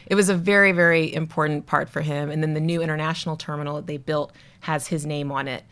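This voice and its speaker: A woman from Atlanta, appearing as a podcast guest, tells family stories in a casual chat. Her low voice moves fast and sounds clear and resonant, and she animatedly acts out the people she quotes.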